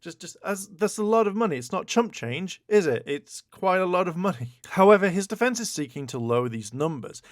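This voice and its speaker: Animated man riffing on gaming news. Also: high voice, brisk, hardly any pauses, dry recording, studio quality. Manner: animated, exclaiming, stammering repeats. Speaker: YouTube host. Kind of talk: casual news commentary.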